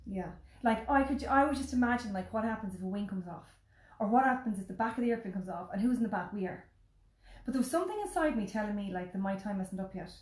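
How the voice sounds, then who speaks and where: A woman chatting casually as co-host, an animated storyteller who swears freely. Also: medium pitch, quick pace. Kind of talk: casual chat. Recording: echoey room.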